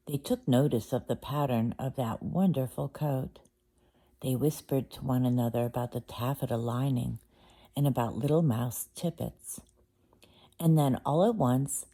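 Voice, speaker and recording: Woman reading a kids' storybook, low mellow voice, takes her time. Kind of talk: storybook read-aloud.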